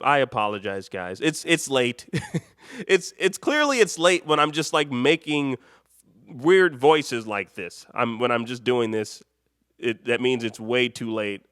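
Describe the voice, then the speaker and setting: A man's voice: medium pitch, a bit bright, clean tone, no echo, clean studio sound. A man from Chicago hosting a late-night live stream, rambling and joking with the chat and laughing often. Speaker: live show host.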